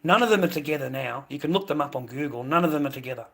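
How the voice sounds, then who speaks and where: Give me an Australian man with a fairly high voice, rambling in casual profane chat to his viewers. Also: expressive, racing, gravelly. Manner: profane, rambling, loud bursts.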